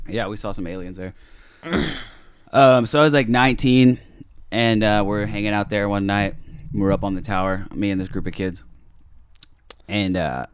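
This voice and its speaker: A man's voice: on the low side, moderate pace, long pauses, clean tone, no room sound. A young man co-hosting a podcast, telling a story casually and animatedly, swearing freely. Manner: animated, acts out quotes loudly, swears a lot. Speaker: podcast co-host.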